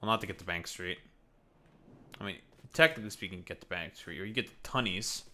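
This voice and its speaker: A man's voice: low-pitched, a little fast, sharp tone. A young Canadian man with a Canadian accent, streaming and ranting casually, swearing a lot and mockingly throwing in "eh" and "bud". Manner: profane, mocking, with a playfully exaggerated Canadian "eh" and "bud". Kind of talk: casual live-stream rant.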